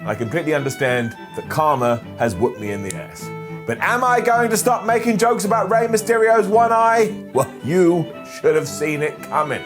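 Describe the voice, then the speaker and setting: A man's voice: a little high, normal speed, over music. A man hosting a comedic wrestling recap, sarcastic and jokey, who mentions nursing a scratched eye. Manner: sarcastic, jokey, animated, with silly put-on voices. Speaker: wrestling show recap host.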